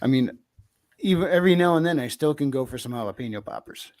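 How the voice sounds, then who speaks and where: A man's voice: mid-range voice, lively intonation, quick pace, a little mellow. A man hosting a casual chat, telling stories and laughing at himself.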